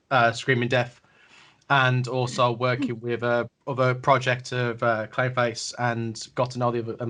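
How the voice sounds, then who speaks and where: A man's voice: mid-range voice, fairly bright tone. A man from the camera crew talking on a video call, hesitant and full of fillers. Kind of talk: casual video call chat.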